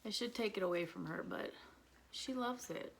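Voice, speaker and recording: A woman's voice: medium pitch, moderate pace, vocal fry, slight background noise, low-quality recording. A woman, chatting candidly as she does her makeup at home and venting about her son. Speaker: vlogger, mother of an autistic son. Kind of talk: casual makeup vlog chat.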